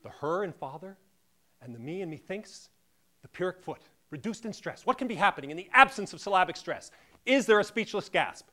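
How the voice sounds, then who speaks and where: A middle-aged man delivering a deadpan comic lecture on a theatre stage before a live audience. He swings between booming declamation and hushed murmurs. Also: brisk. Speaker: solo stage performer playing a lecturer.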